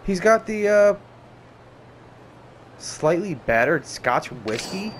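A man's voice: sits high, slow pace, slight background noise. A young man giving casual let's-play commentary over a game, swearing freely and yelping or laughing at what happens on screen. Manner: excitable, swears a lot, yelps and laughs at the game. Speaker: gameplay streamer. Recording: game music underneath.

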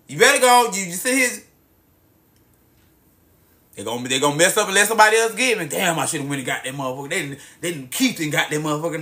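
A young man, talking high and bright into his phone as he hosts a casual livestream. He calls out viewers' cities in an excitable, swearing drawl, with plenty of "baby" and "girl" thrown in. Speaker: livestream host. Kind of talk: casual livestream chat, reading viewer comments.

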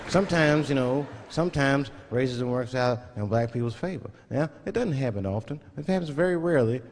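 A man with a mid-range voice performs stand-up on a comedy stage before a live audience, speaking briskly in a large hall. He's animated, slipping into mock voices as he tells stories, with crowd and noise from the live show.

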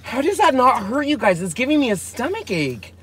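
A woman's voice: on the high side, sing-song, a little fast. A woman hosting a casual vlog from a car, melodramatic and complaining about a burning mouth. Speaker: vlog host. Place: inside a car.

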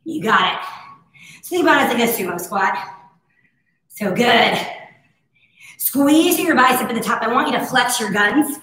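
A woman fitness instructor with a hoarse, husky voice, cueing breaths and moves in a casual, encouraging live workout class. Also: fairly high pitch, lively intonation, normal speed, pauses often, fairly bright tone. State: hoarse from overuse. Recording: very echoey room.

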